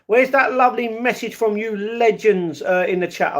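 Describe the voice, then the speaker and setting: High-voiced British man chatting on stream. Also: lively intonation, moderate pace, a little hiss or hum. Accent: British English. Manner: chatty, greets chat viewers by name; playful, breaks into improvised rap. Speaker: live stream host. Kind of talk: casual live-stream chat.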